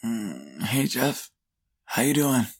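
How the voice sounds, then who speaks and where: A male narrator voicing a battered, tired teenage boy with a soft, husky voice. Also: mid-range voice, sing-song, slow, no room sound, exaggerated voice. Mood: weary. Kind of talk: audiobook character voice.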